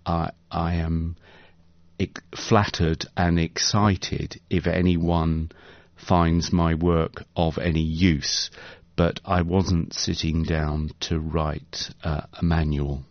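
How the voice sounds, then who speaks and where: A man's voice: sits low, level tone, takes it slowly, no echo. A male author being interviewed on the radio, speaking thoughtfully and articulately with some fillers and restarts. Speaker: author guest. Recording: dull lo-fi radio broadcast.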